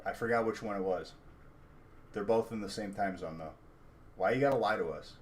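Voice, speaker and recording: A man's voice: fairly low pitch, fairly quick. A man hosting a live card-opening stream, chatting casually and teasing his viewers. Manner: joking, teasing chat viewers. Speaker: livestream card breaker.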